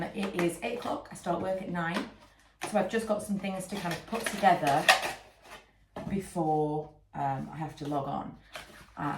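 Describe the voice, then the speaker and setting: A woman in her thirties talks in a rambling, chatty way, her voice stuffy and congested from a cold. Her voice sits a little low, and it comes from some distance off in a reverberant room. Steady background noise runs underneath. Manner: rambling, chatty, many fillers. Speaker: vlogger and candle maker. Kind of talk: casual chat to camera. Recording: echoey room, mic a little far, noisy.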